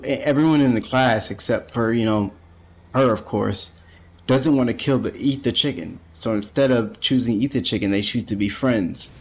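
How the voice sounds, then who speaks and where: A man's voice: on the low side, gravelly, a little hiss or hum. A man giving a casual, rambling manga chapter review, full of slang and frequent laughter. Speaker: anime reviewer.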